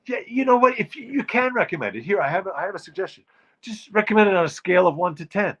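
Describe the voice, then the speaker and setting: Wry, animated man ranting comically. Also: high-pitched, quick pace, breathy edge, dull audio. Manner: wry, emphatic ranting about phrases. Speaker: show host. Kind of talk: comic monologue.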